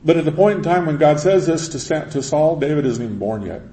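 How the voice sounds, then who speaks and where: A man preaching a sermon who retells scripture with lively voiced quotes. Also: on the high side, fast talker. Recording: roomy echo.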